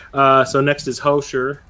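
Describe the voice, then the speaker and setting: Man, game master, relaxed, laughs a lot, faint hiss behind. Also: mid-range voice. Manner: laid-back, laughs often. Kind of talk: narrating a tabletop game.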